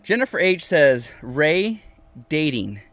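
A man's voice: on the high side, slow, no echo. Chatty man livestreaming from his van. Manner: animated, repeats himself, talks to viewers by name. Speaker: vlogger reading live chat. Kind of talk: casual livestream chat. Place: inside a van.

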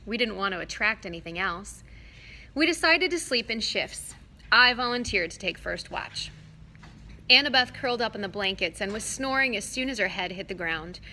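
Woman reader, bright and crisp, expressive storybook narration. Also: medium pitch, moderate pace, a little hiss or hum. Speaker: audiobook reader. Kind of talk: reading a novel aloud.

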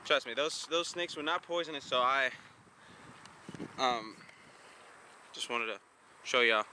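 Strolling through an outdoor park, a young man vlogs in a mid-range, bright, forceful voice, a touch slow, with slight background noise. His casual talk mixes jokes with mock-exasperated ranting.

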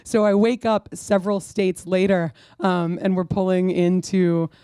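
A woman's voice: fairly low pitch, little pitch movement, a little slow, dark tone, clear, resonant tone, no echo. Woman author, wry self-mocking storyteller, dry close sound. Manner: rambling, self-mocking storyteller with many restarts. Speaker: author at a bookstore event. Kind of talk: conversational Q&A and anecdote. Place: bookstore event before an audience.

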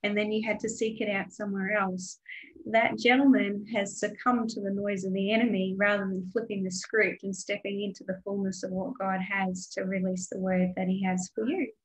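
A woman's voice: medium pitch, little pitch movement, normal speed, rough recording. Earnest woman teaching on a video call. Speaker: guest mentor and course host. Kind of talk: casual video-call conversation.

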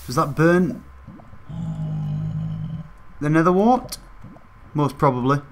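A man's voice: fairly high pitch, animated, takes it slowly, soft background music. A young man hosting a gaming channel, chatting casually to his viewers as he plays. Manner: chatty, talks straight to viewers. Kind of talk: casual gameplay commentary.

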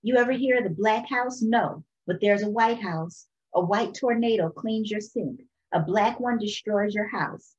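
A bitter young boy snaps and shouts in sarcastic bursts, as a woman puts him on. The voice is loud and cutting. The recording is muffled and lo-fi. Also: medium pitch, a little slow, hardly any pauses, a little hiss or hum, natural voice. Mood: raging.

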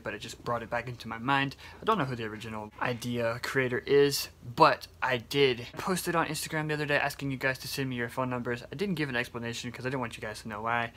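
A man's voice: medium pitch, pushed and bright. A young man talking casually to his viewers about prank calling them, laughing often. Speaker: YouTuber. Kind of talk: casual vlog talk and prank call. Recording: faint background noise.

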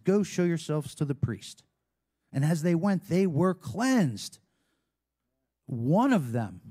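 A man's voice: high voice, a little mellow. A man preaching a sermon as a pastor, talking in a conversational way with frequent asides and call-and-response with the congregation.

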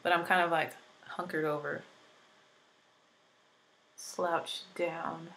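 A woman's voice: low voice, little pitch movement, slow pace, gravelly, fairly bright tone, rough recording. A woman in her twenties chatting casually through a makeup tutorial, rambling with lots of fillers, recovering from being sick. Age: 20s. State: recovering from illness. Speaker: beauty vlogger.

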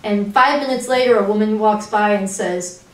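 A woman's voice: mid-range voice, normal speed, slight background noise. A woman activist speaking in an impassioned, urgent way, telling stories from street actions. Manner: urgent, earnest, storytelling. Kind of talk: impassioned spoken talk. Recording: roomy echo, distant mic.

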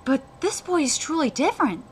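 A woman's voice: high voice, very animated, a little fast, slight background noise, pitched above the performer's own voice. Woman reading as a weeping giant monk swordsman. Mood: solemn. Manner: reads manga dialogue aloud in her own voice.

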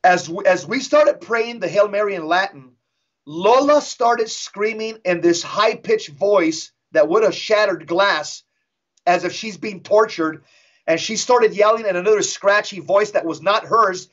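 A middle-aged man, a guest on an interview show, telling a dramatic story in an intense, emphatic way and slowing down for effect. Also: high-pitched, fairly bright tone. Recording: dull lo-fi audio.

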